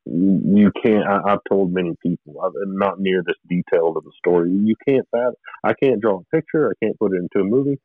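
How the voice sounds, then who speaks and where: Man, very low voice, dry tinny phone-like audio, rambling testimony. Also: a little fast, hardly any pauses, dry recording. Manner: rambling, with restarts and short laughs. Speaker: guest telling his testimony. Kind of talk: emotional personal storytelling.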